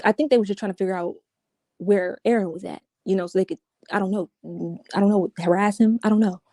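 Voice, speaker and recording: Warm-voiced woman, interview guest, casual and repetitive, dry close sound. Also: medium pitch, steady tone, fast talker, dry recording. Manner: casual, repetitive, restarts often, says "yo". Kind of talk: emotional personal account.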